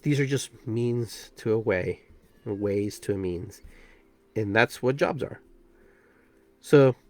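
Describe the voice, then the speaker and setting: A man hosting a podcast, giving a spiritual self-help talk in an emphatic, animated way. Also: mid-range voice, no echo. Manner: emphatic, animated, acts out quoted voices. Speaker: podcast host and shaman.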